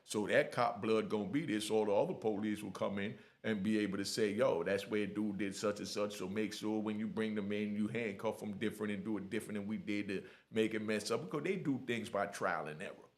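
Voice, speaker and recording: Gravelly middle-aged man telling street stories. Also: on the low side, a little fast, few pauses. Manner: lively, blunt street talk with "you know what I mean". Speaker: storyteller sharing prison stories. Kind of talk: casual storytelling.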